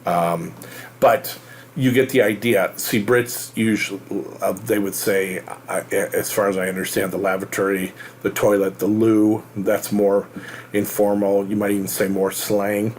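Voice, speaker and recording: American male host, low voice, halting and rambling explainer with faint room hum behind. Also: level tone. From United States. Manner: rambling, halting, many fillers and restarts. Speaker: real estate show host. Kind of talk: casual explanatory monologue.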